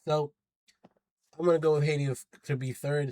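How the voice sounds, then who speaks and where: A man vlogging as a football pundit offers casual predictions in a voice on the high side, steady and slightly mellow at a moderate pace. He hypes teams and hedges his picks in a chatty, slangy manner, with no room sound.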